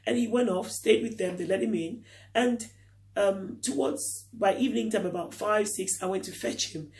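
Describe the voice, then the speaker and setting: A man's voice: high voice, moderate pace, a little mellow. A middle-aged man giving a reflective vlog talk, earnest and full of rhetorical questions. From Nigeria. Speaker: vlogger.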